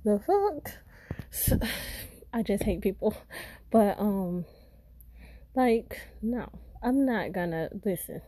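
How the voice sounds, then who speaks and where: A woman's voice: medium pitch, mellow, no echo. A woman from Florida hosting a podcast, ranting bluntly and swearing freely about scammers. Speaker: podcast host. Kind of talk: casual profane rant.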